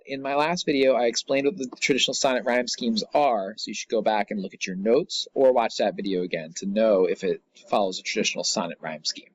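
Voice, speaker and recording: A man's voice: mid-range voice, highs cut off. A middle-aged man teaching a recorded lesson, explaining a poem in a casual, chatty way with asides.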